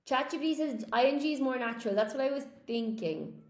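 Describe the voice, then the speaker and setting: A woman's voice: sits high, fast talker, darkish tone, roomy sound. An Irish woman and English teacher running a live-stream lesson, chatting with viewers, thinking aloud and reading out their comments. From Ireland.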